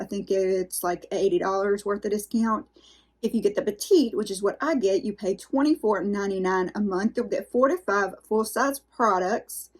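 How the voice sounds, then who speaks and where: A woman with a Southern accent hosting an unboxing vlog, talking to her viewers in a chatty, folksy, rambling way. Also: mid-range voice. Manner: rambling, folksy, talks straight to viewers with "y'all". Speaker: unboxing channel host.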